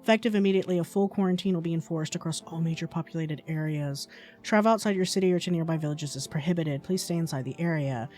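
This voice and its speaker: Woman doing a formal TV anchor, even and low. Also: fast, faint music behind, close to an everyday voice. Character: formal television news anchor.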